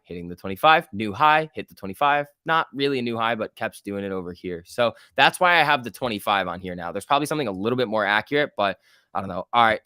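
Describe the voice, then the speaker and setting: This livestream host's medium-pitched voice is clear and resonant, captured in clean studio sound with no room tone. Talking live over stock charts, he rambles in loose commentary, reads the chat aloud, and lets out quick excited outbursts.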